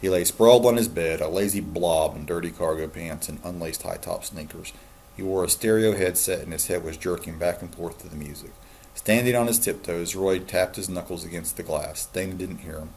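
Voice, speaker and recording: A man, a teacher, calmly reading a novel aloud to his students. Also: low voice, fairly quick, a little hiss or hum. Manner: calm, steady storytelling.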